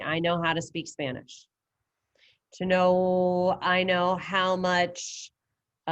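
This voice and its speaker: A woman leads an online Spanish lesson through a computer mic on a video call, keeping it casual and upbeat as she quizzes students. Her voice is on the low side and a bit bright. The sound is lo-fi, with no room sound.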